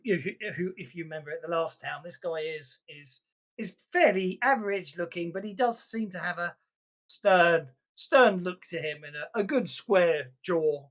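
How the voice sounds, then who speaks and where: A woman's voice: on the low side, fairly bright tone. Irish woman running a tabletop game. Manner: chatty, laughs often, many restarts and fillers. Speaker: game master.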